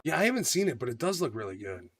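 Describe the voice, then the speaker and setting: A man co-hosting a casual podcast chat, profane and animated, acting out quotes in his stories. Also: mid-range voice, very fast, background noise. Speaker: podcast co-host.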